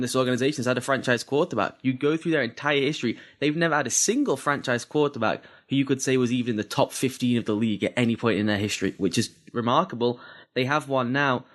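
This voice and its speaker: A man in a plain, mid-pitched voice co-hosts a football podcast. He breaks down teams analytically, rattling off detail in quick bursts with small restarts. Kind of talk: casual sports analysis.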